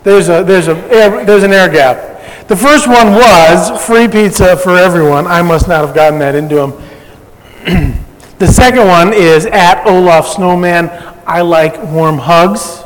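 A man's voice: sits high, measured pace, long reverb tail, rough recording. A man preaching a sermon as pastor, talking in a conversational way with light humor.

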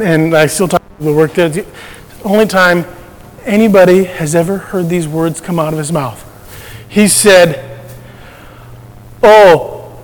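A man's voice: sits high, big-room sound, rough recording. A man sharing a personal faith testimony in a conversational storytelling way, often restarting his sentences.

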